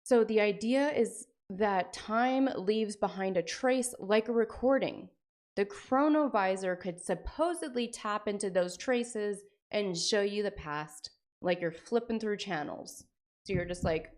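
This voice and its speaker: A woman's voice: medium pitch, moderate pace, a little mellow. A woman streamer chatting casually with her viewers, rambling and sprinkling in lots of "like" and "frickin'". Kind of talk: casual live-stream chat.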